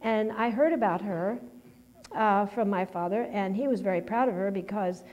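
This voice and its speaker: A woman's voice: mid-range voice, moderate pace, darkish tone. A middle-aged woman preaching a personal testimony sermon, talking in a conversational, rambling way with many restarts and fillers.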